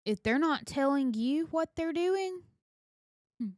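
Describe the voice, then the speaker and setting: A woman's voice: high-pitched, animated, takes it slowly, a little mellow, dry recording, clean studio sound. A woman, earnestly giving parenting advice on a casual podcast. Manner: earnest, advice-giving, speaks directly to listeners. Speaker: podcast co-host.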